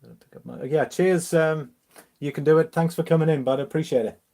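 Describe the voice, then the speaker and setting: A man from Liverpool with a mixed English accent, mildly Liverpool, hosting a relaxed, casual live-stream chat and answering viewers. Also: a little high, fairly quick. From Liverpool, England. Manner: chatty, relaxed, reads out viewer comments with easy laughs.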